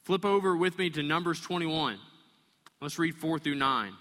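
A man preaching a sermon, animated and storytelling, acting out the voices of the people in the story. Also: on the high side, normal speed, big-room sound. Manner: animated, acts out voices of complaining people and kids. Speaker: pastor.

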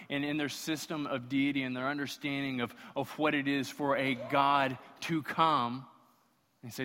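A man's voice: mid-range voice, level tone, normal speed, sharp tone. Man preaching in a reverberant hall. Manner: impassioned, rhetorical preaching with repetition. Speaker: pastor. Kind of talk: sermon.

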